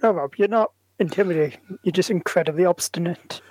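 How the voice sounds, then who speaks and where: A man's voice: high-pitched, a little fast, darkish tone, husky, no echo, poor audio. A man co-hosting a casual podcast, teasing the others with wry remarks. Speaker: podcast co-host. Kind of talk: casual chat.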